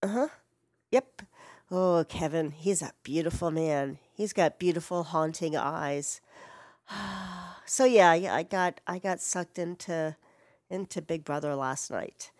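Middle-aged woman vlogger, lowish voice, loose profane rambling, dry close mic. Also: slow, a little mellow, no room sound. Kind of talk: casual response video chat. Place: home, Portland.

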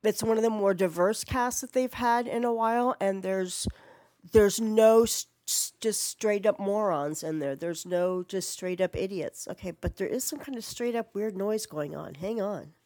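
A woman's voice: medium pitch, moderate pace, a little mellow, no echo. A middle-aged woman chatting casually from home in a response video, rambling and swearing with lots of "like". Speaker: vlogger. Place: home, Portland.

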